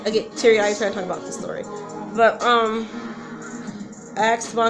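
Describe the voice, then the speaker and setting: A woman's voice: mid-range voice, steady tone, normal speed, pauses often. A woman telling a personal story in a casual vlog, rambling, nervous and emotional, often breaking off mid-sentence. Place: at home with a song playing. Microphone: camera mic. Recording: music playing loudly in background.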